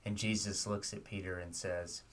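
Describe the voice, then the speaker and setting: A man's voice: low voice, flat delivery, normal speed, distant mic. A man giving a short devotional sermon, earnest and reflective, putting direct questions to his listeners.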